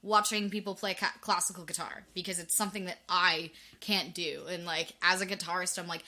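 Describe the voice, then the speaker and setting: A woman's voice: fairly low pitch, steady tone, brisk, few pauses, sharp tone. A woman co-hosting a casual podcast, chatty and full of 'like'. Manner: chatty, laughing, uses 'like' often. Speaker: podcast co-host. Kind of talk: casual chat.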